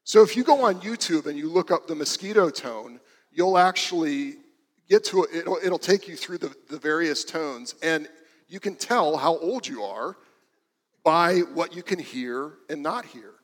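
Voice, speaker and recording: A man's voice: fairly high pitch, expressive, measured pace, big-room sound. A man preaching a sermon in a church, telling stories in a casual, conversational way with frequent restarts. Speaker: pastor. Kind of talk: sermon storytelling.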